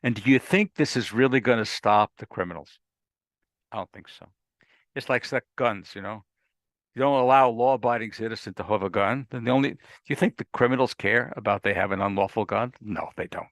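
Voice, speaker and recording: A man's voice: on the low side, fairly quick, a bit bright, no echo, studio quality. A man, a lawyer, explaining a legal topic in an emphatic, folksy, repetitive way on a livestream. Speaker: lawyer and guest expert.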